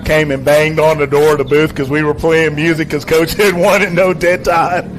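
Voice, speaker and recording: A man's voice: fairly high pitch, little pitch movement, normal speed, a little hiss or hum. A man hosting a casual talk show, chatty and laughing often as he tells stories. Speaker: host and stadium announcer.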